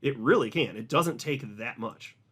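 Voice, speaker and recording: A man hosting an online video, talking excitedly and emphatically, often repeating words for stress. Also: medium pitch, normal speed, slightly rough. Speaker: crypto video host. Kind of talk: casual commentary to camera.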